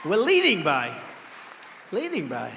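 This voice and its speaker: Older American man at a rally, booming into a big echoing hall. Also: wildly swooping pitch, measured pace, gravelly, a crowd in the background, background noise. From United States. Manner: rambling, boastful, bursts of shouting. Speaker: political candidate. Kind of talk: campaign rally speech. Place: large rally venue. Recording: reverberant hall with a long echo.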